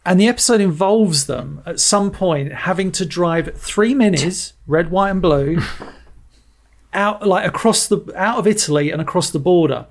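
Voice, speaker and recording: A man, co-hosting a movie podcast, telling a story in a lively, casual way. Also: sits high. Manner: animated anecdote telling. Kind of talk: casual chat.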